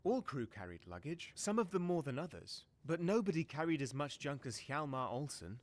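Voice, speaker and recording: An actor narrating a game as a reflective ship passenger recalling his voyage in a calm, wistful way. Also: fairly high pitch, moderate pace.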